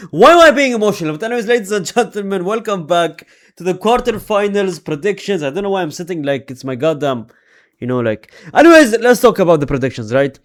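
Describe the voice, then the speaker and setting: A young man hosting a casual football predictions vlog, animated, repeatedly addressing his audience as ladies and gentlemen. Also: a little high. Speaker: football vlogger.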